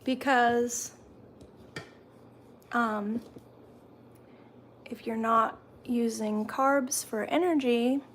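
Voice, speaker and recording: A woman's voice: fairly high pitch, steady tone, drawn-out words, pauses often, a little hiss or hum. A woman hosting a casual live stream from home, chatting and answering viewer comments while she eats, sometimes talking through a mouthful. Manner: talks while chewing.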